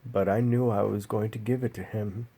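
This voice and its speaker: A man vlogging a personal story in a slow, halting, emotional way, pausing often. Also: on the low side, fairly even intonation, mellow.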